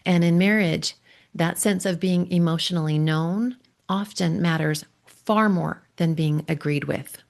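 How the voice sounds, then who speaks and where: A woman coach and podcast host giving a gentle, earnest faith-based talk on marriage, often checking in with "right?". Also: lowish voice, a little slow, gravelly.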